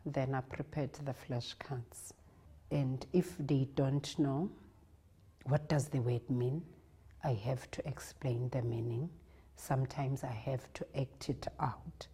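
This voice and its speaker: A South African woman, a primary school teacher, calmly explaining how she teaches her lessons. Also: a bass voice, slow pace, slightly rough. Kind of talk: reflective interview narration.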